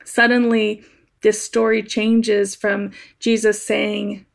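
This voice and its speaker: A woman speaks slowly in a reflective spoken essay, her fairly high voice carrying a gravelly fry. She talks gently and thoughtfully, in a conversational way. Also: flat delivery.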